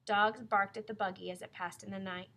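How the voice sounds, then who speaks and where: A woman narrating a novel aloud in a clear, measured storytelling manner. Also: mid-range voice, little pitch movement, bright, forceful tone, a little hiss or hum. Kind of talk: audiobook reading of a novel.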